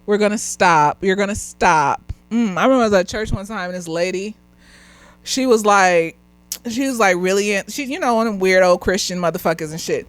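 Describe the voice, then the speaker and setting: A slightly tipsy woman, a therapist, reviewing a TV episode in blunt, profane casual talk, laughing often and swinging from loud outbursts to quiet muttering. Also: medium pitch, a little fast, no room sound, rough recording. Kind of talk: casual commentary vlog.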